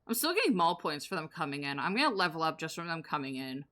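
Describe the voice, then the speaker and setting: Sarcastic woman streamer, low bright voice. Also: big pitch swings, fast. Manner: sarcastic, joking banter with chat. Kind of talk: casual live gameplay commentary.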